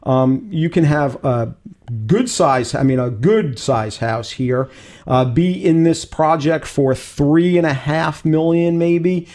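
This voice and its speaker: A man hosting a radio real estate show, pitching a listing with emphatic enthusiasm. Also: slow pace, a little mellow. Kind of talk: casual radio talk show.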